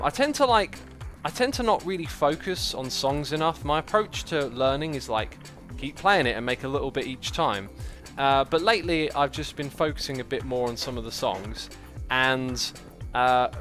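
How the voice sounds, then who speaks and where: Animated, bright-voiced male streamer. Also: mid-range voice. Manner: rambling, chatty, lots of "like" and "uh"; excitable outbursts, playful and jokey. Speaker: livestream host playing a game. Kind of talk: casual gaming commentary.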